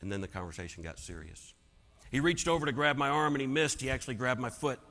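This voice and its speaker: A man telling a personal story as a keynote speaker, dramatic and swinging from hushed to loud. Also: mid-range voice, expressive, fast talker, soft background music. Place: large conference hall. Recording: long hall reverb.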